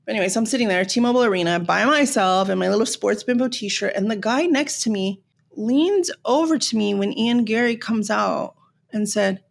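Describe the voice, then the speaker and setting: A woman from Los Angeles hosting a podcast, ranting in an animated, sarcastic way and swearing freely. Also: mid-range voice, moderate pace, creaky. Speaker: podcast host. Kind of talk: casual rant.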